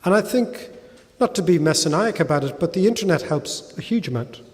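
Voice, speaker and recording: A middle-aged man with a Dublin Irish accent, speaking to an audience in a lively, conversational way, peppering points with "right?". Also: on the high side, fairly quick. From Ireland. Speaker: guest speaker. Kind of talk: talk with audience Q&A. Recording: hall reverb.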